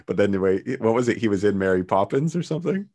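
Low-voiced man, halting casual chat. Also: animated, a little mellow. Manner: hesitant, many fillers and restarts, agreeable. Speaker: podcast co-host.

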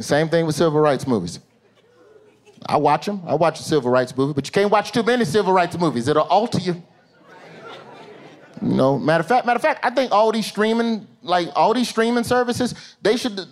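A man's voice: high voice, brisk. An American man doing stand-up comedy with an African American Vernacular English accent, telling loose, profane stories and putting on voices. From United States. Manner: loose, profane, animated storytelling with put-on voices. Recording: live show with audience noise.

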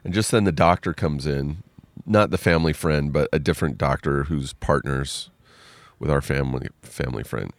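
Low-voiced man telling a rambling story. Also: moderate pace, no room sound. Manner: rambling, filler-heavy retelling with many "like"s. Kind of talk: casual storytelling.

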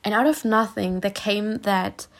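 This woman from Spain, a self-healing vlogger, has a mid-range voice with fairly even intonation. Her heartfelt personal talk comes out haltingly, with many restarts, as she earnestly reassures whoever is listening.

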